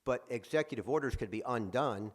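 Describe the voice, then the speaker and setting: A man's voice: mid-range voice, brisk. A man speaking as a guest author, giving a conversational talk with frequent fillers and restarts. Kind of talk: lecture-style talk. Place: presentation room at a museum.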